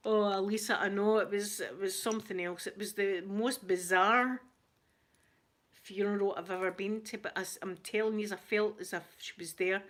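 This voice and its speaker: A Scottish woman hosting her channel, telling a story in casual, animated chat. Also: mid-range voice, measured pace, long pauses. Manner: chatty, animated anecdote telling. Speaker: ASMR channel host.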